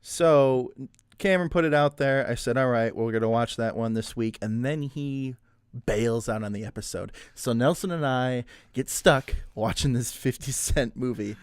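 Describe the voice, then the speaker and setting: A man's voice: medium pitch, moderate pace, clean tone, no room sound, clean studio sound. A man co-hosting a casual podcast, joking and laughing often as he chats. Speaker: podcast co-host. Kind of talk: casual chat.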